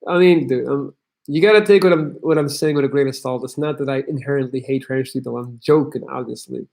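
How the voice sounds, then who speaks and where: A man's voice: mid-range voice, brisk, creaky, a little mellow. A young man from Belgium, hosting a livestream where he reads chat messages aloud and gives blunt, crude tough-love advice. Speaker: host.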